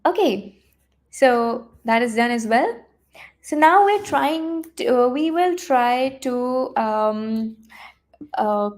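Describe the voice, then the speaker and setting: Woman, coding teacher, live online lesson, fairly high voice, chatty, lots of fillers and restarts. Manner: chatty, thinks aloud with many fillers and restarts.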